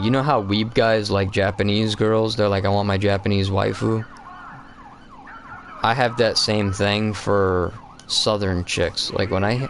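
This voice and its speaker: A young man with a lowish, creaky voice co-hosts a live stream while playing a game, telling rambling stories in a casual, profane chat. There's a little hiss or hum in the audio.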